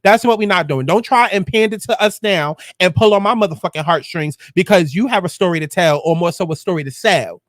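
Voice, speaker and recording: High-voiced man ranting bluntly. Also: brisk, hardly any pauses, no echo, studio quality. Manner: blunt, heated and profane. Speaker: host. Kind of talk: celebrity gossip commentary.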